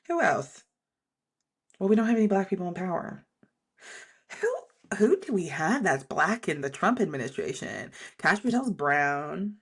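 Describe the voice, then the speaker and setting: A woman's voice: on the low side, slightly rough. Blunt, profane woman ranting about politics. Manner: blunt and profane, drifts into tangents. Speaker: political commentary host. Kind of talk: casual political rant.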